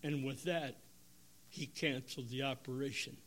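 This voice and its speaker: A man, preaching an emotional testimony, swinging from loud bursts to hushed tones. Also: medium pitch, steady tone, moderate pace. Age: 70s. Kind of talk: sermon testimony.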